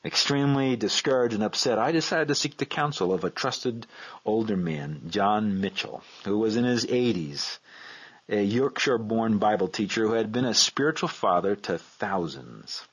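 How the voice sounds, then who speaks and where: A man's voice: lowish voice, expressive, normal speed, breathy edge. A man reading his own devotional book aloud in an earnest, reflective way. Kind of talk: scripted devotional narration. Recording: dull lo-fi recording.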